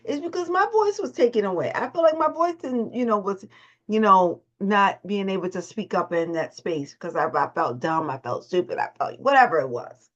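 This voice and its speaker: A woman's voice: medium pitch, lively intonation, normal speed, a bit bright. A woman leading a motivational morning call, emphatic and repeating her phrases. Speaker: host and voice coach. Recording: dull lo-fi call audio.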